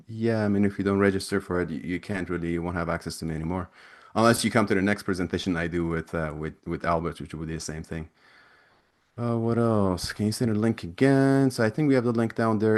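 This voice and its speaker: Ex-recruiter type, low voice, loose and chatty with restarts, answering questions over a video call. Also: male voice. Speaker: webinar presenter, ex-recruiter. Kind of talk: casual Q&A from chat.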